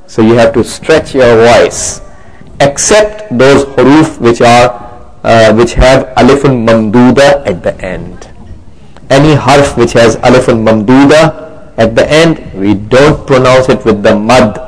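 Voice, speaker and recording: A man teaching a religious lecture at an even, middling pitch. He explains step by step in English sprinkled with Arabic terms, pausing to ask his listeners to confirm. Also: poor audio. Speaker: Islamic teacher.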